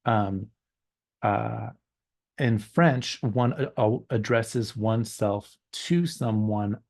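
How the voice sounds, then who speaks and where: Low gravelly man, halting lecture delivery. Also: darkish tone, dry recording. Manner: hesitant, many ums and uhs, thinking aloud; slows down on quoted examples. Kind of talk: recorded university lecture.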